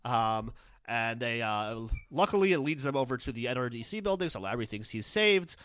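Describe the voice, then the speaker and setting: A man's voice: moderate pace, no echo. A man co-hosting a podcast, casually recapping an episode and acting out characters in snatches. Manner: animated, acts out characters with big pitch jumps. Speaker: podcast co-host.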